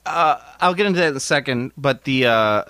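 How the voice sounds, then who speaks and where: Excitable man in a dry, close recording. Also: medium pitch, fairly quick, clear, resonant tone, dry recording. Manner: enthusiastic, rambling with frequent restarts. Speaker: podcast co-host reviewing a film. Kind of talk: casual chat.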